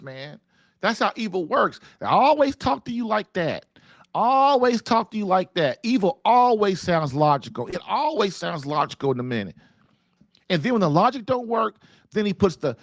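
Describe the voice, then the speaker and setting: A man's voice: high voice, no echo, clean studio sound. A man hosting a podcast, talking earnestly in a loose, preaching-style manner and addressing listeners directly. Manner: animated, earnest, conversational with "man" and "you know". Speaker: podcast host. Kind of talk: preaching-style casual talk.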